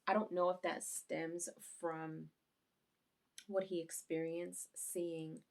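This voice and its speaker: Gravelly low-voiced woman reviewer. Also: slow. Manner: rambling, animated retelling of scenes. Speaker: YouTube anime reviewer. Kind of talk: casual episode recap.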